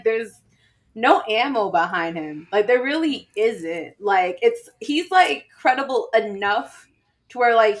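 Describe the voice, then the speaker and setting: A woman co-hosting a podcast in casual chat, laughing often and talking with many "like" fillers. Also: mid-range voice. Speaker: podcast co-host.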